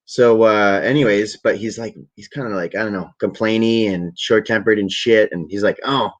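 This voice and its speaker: A young man from the Ottawa area telling a long, profane story in a relaxed, rambling way to a camera at home. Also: on the low side, normal speed. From Ottawa area, Canada. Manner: rambling, profane, laid-back. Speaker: vlogger. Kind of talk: casual storytelling. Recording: dull lo-fi webcam audio.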